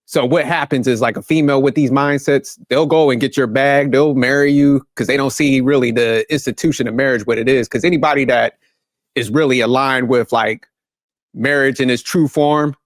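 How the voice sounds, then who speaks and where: A man delivers a heated, blunt reaction rant full of slang and swearing. His voice sits at an ordinary male pitch and is recorded dry with no room sound. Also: no room sound. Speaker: commentary channel host.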